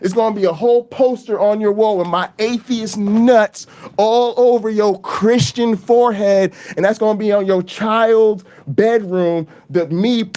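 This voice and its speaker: A man hosting a livestream, talking casually with loud, profane trash talk and sports boasts. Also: high voice, steady tone, unhurried. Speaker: livestream host.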